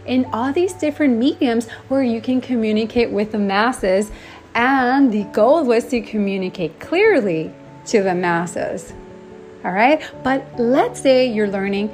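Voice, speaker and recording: A woman's voice: on the high side, darkish tone. An American woman with a Northeast accent, teaching an unscripted English lesson in a chatty way and often checking in with listeners. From United States. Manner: chatty, checks in with "okay?" and "right?".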